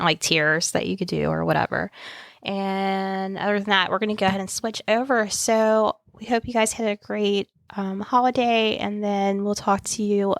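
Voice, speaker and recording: A woman's voice: medium pitch, fairly bright tone, dry recording. A woman co-hosting a podcast, reading listener posts aloud and chatting casually. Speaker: podcast co-host.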